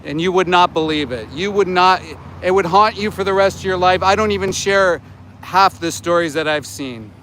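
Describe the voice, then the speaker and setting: A Canadian man in his forties livestreaming as an animal rights activist outside a slaughterhouse, ranting with indignation and shouting at truck drivers. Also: high-pitched, moderate pace. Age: 40s. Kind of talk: live street vlog. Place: outdoors by a road outside a slaughterhouse. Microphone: phone held while livestreaming. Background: passing trucks and traffic.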